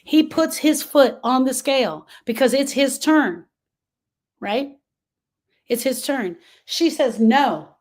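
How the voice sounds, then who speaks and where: A woman in her sixties, a grief coach, teaching a group in a lively, conversational storytelling way. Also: high voice, takes it slowly.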